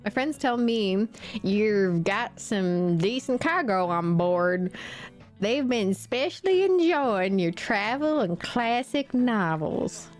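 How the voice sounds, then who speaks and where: Gruff-friendly old sea dog with a salty put-on accent, teasing and hearty, voiced by a woman. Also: wildly swooping pitch, slow pace, long pauses, darkish tone, faint music behind, heavily acted. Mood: boisterous. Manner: put-on salty sailor accent, booming and playful. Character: jovial old male sailor, hearty and teasing.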